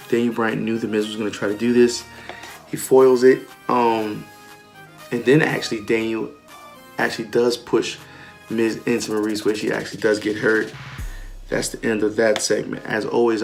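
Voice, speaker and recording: A man's voice: fairly low pitch, flat delivery, moderate pace, vocal fry, faint music behind. A man hosting a podcast, casually recapping a wrestling show, full of ums and retold quotes. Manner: chatty, many ums, retells lines in quoted voices. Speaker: podcast host.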